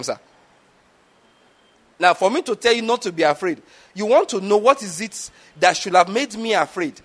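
A man's voice: high-pitched, a bit bright. A man, preaching a teaching sermon and often checking that the listeners follow. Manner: asks the audience questions, repeats words. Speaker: pastor.

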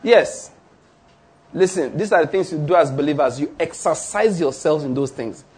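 A man's voice: a little high, animated, normal speed, darkish tone, breathy edge. A man preaching a sermon, emphatic, asking his listeners questions and repeating declarations.

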